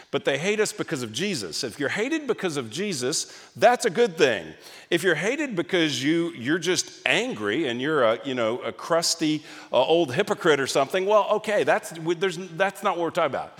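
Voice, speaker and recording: Animated male preacher in a reverberant hall. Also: fairly high pitch. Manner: animated, emphatic preaching with restarts. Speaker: pastor. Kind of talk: sermon.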